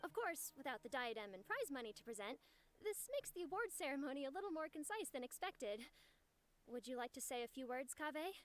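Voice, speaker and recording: A woman's voice: high voice, sing-song, fairly quick. A woman voicing a polite, formal ceremony announcer in a game. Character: formal female event host, polite. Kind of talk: game cutscene voice acting.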